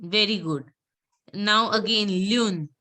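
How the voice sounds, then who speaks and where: A woman's voice: medium pitch, fairly bright tone. Patient woman teaching French sounds. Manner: patient, repeats words slowly for students to echo; calls on students by name and praises. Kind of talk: live class pronunciation drill.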